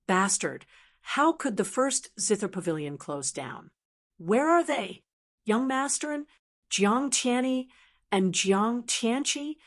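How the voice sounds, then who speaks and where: A woman's voice: on the high side, very animated, slow pace, heavily acted. A woman voicing a stern old man of rank who speaks coldly and gives commands, in an audiobook. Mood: cold anger. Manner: cold, commanding. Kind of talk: audiobook character reading.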